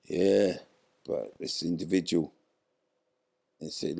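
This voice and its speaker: Casting: older man, very low gravelly voice, animated storyteller who plays out the dialogue himself. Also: normal speed. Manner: animated retelling, acts out quoted dialogue. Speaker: interview guest, former footballer. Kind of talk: storytelling in a podcast interview.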